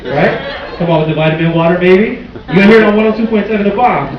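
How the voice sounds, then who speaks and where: A high-pitched, fast-talking male stand-up comedian performs a bold, crude set on a small club stage, with lively delivery and sung parody bits. The lo-fi recording is made from a distance in an echoey club, with slight background noise and a loud crowd laughing and cheering behind him.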